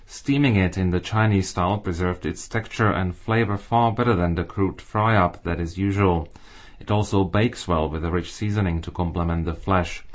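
A man reading listeners' letters aloud on a radio show in a steady, plain way. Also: deep voice, normal speed.

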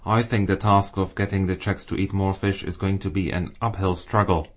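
A man reading listeners' letters aloud on a radio show in a steady, plain way. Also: sits low, moderate pace.

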